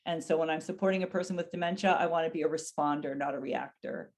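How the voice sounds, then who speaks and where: A middle-aged woman with a somewhat low voice teaches a webinar on caring for people with dementia. She speaks earnestly and unhurriedly, and her voice lifts when she acts out the phrases a caregiver might say. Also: fast talker, a little mellow. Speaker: dementia care educator. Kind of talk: educational webinar talk.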